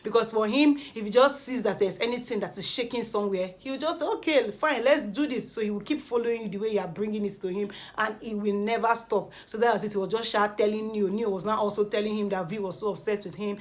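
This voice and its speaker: A woman with a Nigerian accent recapping reality show gossip in a dramatic, animated way, dropping pidgin interjections. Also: mid-range voice, quick pace, hardly any pauses. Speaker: entertainment gossip vlogger.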